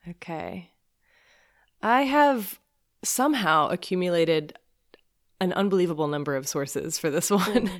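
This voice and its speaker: A woman's voice: fairly low pitch, animated, unhurried, long pauses. A woman co-hosting a podcast, chatting casually, bubbly and laughing often. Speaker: podcast co-host.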